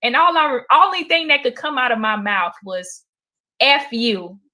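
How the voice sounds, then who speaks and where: A woman comedian with a high, bright voice tells a story in a loose, conversational way. She repeats words and fills gaps with ums as she goes, and keeps her delivery animated. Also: normal speed. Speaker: stand-up comedian guest. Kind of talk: casual storytelling in a talk show interview.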